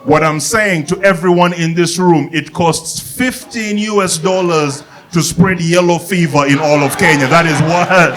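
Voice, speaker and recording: A man doing stand-up on a club stage, his voice sitting a little higher than most men's. He tells the story with lively energy and keeps building to loud, shouted punchlines. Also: a little slow, a crowd in the background. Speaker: stand-up comedian. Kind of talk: stand-up comedy set. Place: comedy club stage before a live audience.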